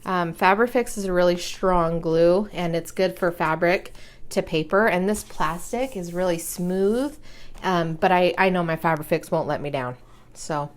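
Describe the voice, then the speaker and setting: A woman's voice: lowish voice, measured pace. A young woman chatting casually as she walks through a craft project, giggling and humming to herself while she works. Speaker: crafting vlogger. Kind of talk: casual craft tutorial chat.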